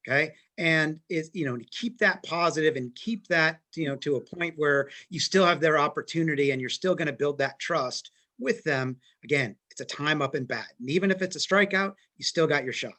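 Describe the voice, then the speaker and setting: Guy on a video call answering questions, steady and plain, voice on the higher side. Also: a little fast, hardly any pauses. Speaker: guest expert. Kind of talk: webinar answers.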